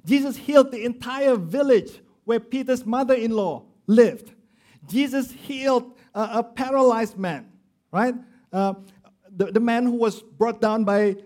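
A man delivers a sermon as a pastor, his voice sitting high for a man. He pushes key phrases out loudly and then sinks to low, hushed tones to drive a point home. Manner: preaching with swings from loud emphasis to low quiet stress; acts out quoted voices of grumblers and of Jesus.

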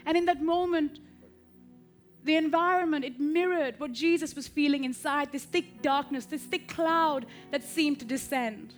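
A woman preaching a sermon in rhythmic repeated phrases, swelling to loud peaks and dropping to soft tones. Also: sits high, normal speed, faint music behind.

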